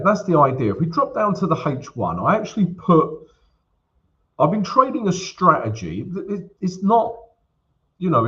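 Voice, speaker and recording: Male stream host, casual and jokey, mid-pitched, slightly muffled lo-fi audio. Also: a bit bright. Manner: chatty, jokey, greets viewers by name. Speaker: forex trading livestream host. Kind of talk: casual livestream chat.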